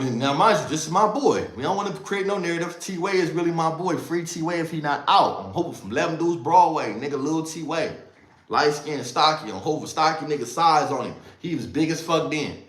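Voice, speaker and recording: A man tells a story on a livestream in animated street slang. His voice sits a little higher than most men's, and it swings between loud outbursts and quiet asides. The room around him is echoey. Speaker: livestream host telling a story.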